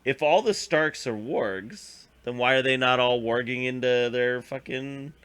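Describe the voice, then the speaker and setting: A man's voice: medium pitch, a little slow, fairly bright tone, clear, resonant tone, no echo. A young man co-hosting a casual recap chat, rambling with lots of fillers and acting out scenes. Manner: rambling, filler-heavy, acts out scenes in funny voices. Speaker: podcast co-host.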